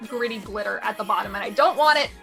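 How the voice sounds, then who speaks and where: A woman's voice: mid-range voice, fast, creaky, fairly bright tone, faint music behind. A woman co-hosting a live art battle stream, blunt and playfully sarcastic. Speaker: co-host commentator.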